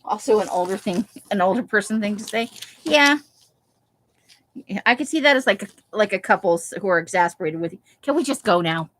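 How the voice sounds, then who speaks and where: A woman talks her way loosely through a craft session, her voice at a middle pitch. She rambles in a relaxed way, with plenty of "like" and half-started thoughts. Faint clicks and scissor snips sit quietly behind her. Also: brisk, slight background noise. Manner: chatty, thinks aloud, many "like" fillers. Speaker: craft livestream host. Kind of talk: casual chat while crafting. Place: home craft room, Las Vegas.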